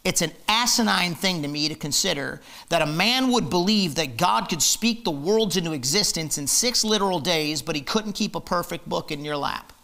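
A man's voice: fairly high pitch, animated, normal speed, creaky, few pauses, pushed and bright. A man preaching a fiery, emphatic sermon in church, hammering his points with repetition. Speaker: pastor.

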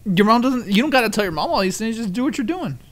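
A man's voice: very high-pitched, animated, fast. A man co-hosting a casual podcast, laid-back and slangy, peppering talk with "dude" and "like". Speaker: podcast co-host. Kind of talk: casual advice podcast chat.

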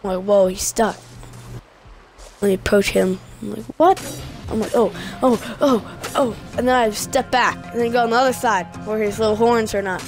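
Excitable high-voiced woman over music. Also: a little fast, few pauses. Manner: excitable, retells the action by quoting herself. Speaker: gaming video creator. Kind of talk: casual gameplay commentary.

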